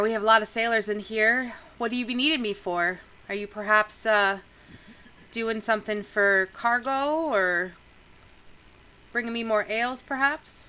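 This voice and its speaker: A woman's voice: a little high, sharp tone, clean tone. A woman voicing a downtrodden male halfling innkeeper in his thirties, hesitant and sad. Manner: hesitant, sad-sack host. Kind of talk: tabletop role-play voicing.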